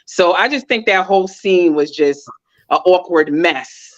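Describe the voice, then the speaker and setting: A woman co-hosting a casual reality TV recap, chatty and animated as she retells scenes. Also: lowish voice, measured pace. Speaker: podcast co-host. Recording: dull lo-fi audio.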